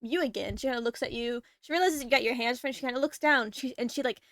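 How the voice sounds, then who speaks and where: Woman game master, higher voice, dry close sound, rambling casual narration. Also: steady tone, quick pace, fairly bright tone, dry recording. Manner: rambling, filler-heavy storytelling with acted-out snippets. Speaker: dungeon master.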